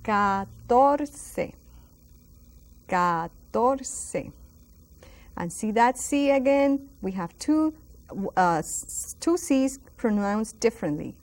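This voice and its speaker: A woman teaches a class its numbers, taking her time over every word. Her voice sits a little high, and she draws out each sound with careful, exaggerated pronunciation. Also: lively intonation, warm tone. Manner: patient, drawn-out, exaggerated pronunciation modeling. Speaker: Spanish teacher. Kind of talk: instructional lesson.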